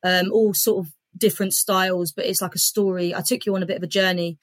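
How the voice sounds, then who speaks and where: A woman's voice: fairly low pitch, flat delivery, quick pace, no room sound. A woman comedian and writer chatting as a guest, upbeat and talking in long run-on strings. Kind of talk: casual interview chat.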